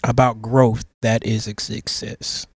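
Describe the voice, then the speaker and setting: A man in his thirties co-hosting a casual podcast, telling a story in an animated, slangy way and getting emotional. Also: on the low side, takes it slowly, husky, no room sound, studio quality. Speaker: podcast co-host. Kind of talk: casual chat.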